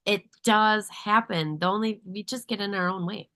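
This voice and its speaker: A woman's voice: mid-range voice, moderate pace, a bit bright. A woman hosting a casual chat podcast. She answers in emphatic, affirming bursts and swears casually. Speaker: podcast host.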